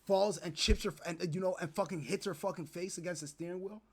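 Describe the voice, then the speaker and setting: A young man streaming, ranting to his chat in animated, profane commentary and acting out the people he talks about. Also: high voice, quick pace. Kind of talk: casual commentary to live chat.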